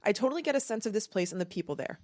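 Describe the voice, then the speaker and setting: A woman's voice: medium pitch, expressive, very fast, darkish tone, no echo, studio quality. A woman hosting a book-club podcast, summarizing a novel in a breezy, joking way with casual swearing. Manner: breezy, profane, summarizing with jokes. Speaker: podcast host.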